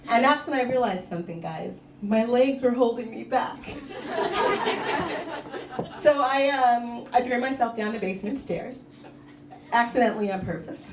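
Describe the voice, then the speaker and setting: A woman's voice: on the high side, measured pace, slight background noise. Woman doing stand-up in an echoey club. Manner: deadpan dark jokes, talks to the crowd. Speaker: stand-up comedian. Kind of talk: stand-up comedy set. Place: comedy club stage with audience. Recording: echoey club, mic heard from a distance.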